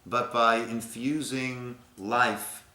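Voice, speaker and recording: A rabbi leading a Torah class, telling stories and swinging between soft, hushed lines and emphatic ones. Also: male voice, medium pitch, steady tone, drawn-out words, reverberant. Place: synagogue room.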